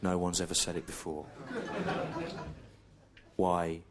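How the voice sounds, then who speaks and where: An English man in his forties doing stand-up storytelling in a slow, deadpan, repetitive way with long pauses, recorded live on a comedy club stage. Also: low voice, crowd noise. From England. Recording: live show with loud audience laughter.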